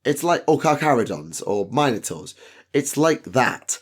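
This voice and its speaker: A man's voice: mid-range voice, big pitch swings, a little slow, breathy edge. A man with a South Yorkshire accent hosting a casual podcast chat, rambling with lots of ums and swearing freely. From South Yorkshire, England. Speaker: podcast host.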